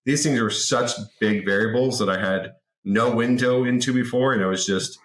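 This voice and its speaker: A man in his forties telling an anecdote as a podcast guest in a lively, casual way, often repeating words. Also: medium pitch, normal speed. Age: 40s. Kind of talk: casual interview storytelling. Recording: roomy echo.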